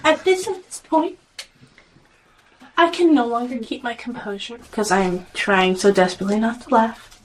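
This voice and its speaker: A woman playing a tabletop game, speaking gently and explaining patiently in character. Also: on the high side, normal speed, rough recording. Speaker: player.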